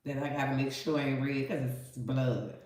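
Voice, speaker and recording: A woman's voice: rumbling low, little pitch movement, normal speed, a little mellow. A woman, chatting folksily to viewers while she cooks and cleans meat in her kitchen. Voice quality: nasal. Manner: chatty, folksy, calls viewers baby and honey. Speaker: cooking vlogger. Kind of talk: casual cooking talk to viewers. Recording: very echoey room.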